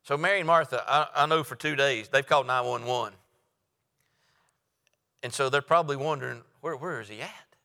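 Folksy preaching man, bright voice. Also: medium pitch, a little fast, vocal fry, long pauses, smooth. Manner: folksy preaching, repeats phrases, acts out dialogue. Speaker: pastor. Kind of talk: sermon. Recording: long hall reverb.

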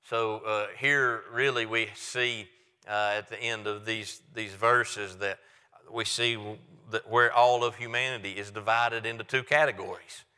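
A man's voice: fairly low pitch, steady tone, measured pace, bright, forceful tone, clean tone, long reverb tail. A male pastor giving a sermon and reading scripture aloud, talking in a conversational way with frequent restarts. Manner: conversational with many restarts and fillers.

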